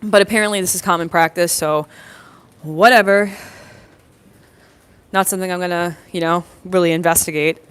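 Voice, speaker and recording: A woman's voice: fairly low pitch, steady tone, normal speed, pauses often, fairly bright tone, clear, resonant tone. A young woman, a plumbing apprentice, chatting casually to her phone on a work break, rambling through a story with lots of fillers and restarts. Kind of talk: casual live-stream storytelling.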